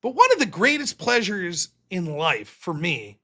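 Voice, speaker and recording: Animated, profane man hosting a livestream. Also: sits high, unhurried, few pauses. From United States. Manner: profane, rambling, jokey. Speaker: livestream host. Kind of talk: casual livestream commentary.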